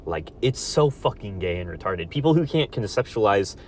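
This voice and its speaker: Male vlogger, low voice, angry solo rant; loud blow-ups, muttered asides, faint background noise. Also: big pitch swings, normal speed. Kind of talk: profane solo rant to camera.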